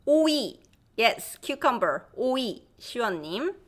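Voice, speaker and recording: Brief: Korean-accented woman, mid-pitched voice, teaching a live online language class, reads out viewer comments and drills sounds by repetition. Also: animated, a little slow, fairly bright tone. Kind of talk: live-streamed language lesson.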